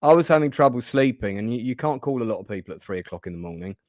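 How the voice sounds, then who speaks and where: A man's voice: mid-range voice, expressive, very fast, a little mellow, no room sound. Man, podcast host, rambling casual chat, dry close sound. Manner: chatty, rambling, many fillers and restarts.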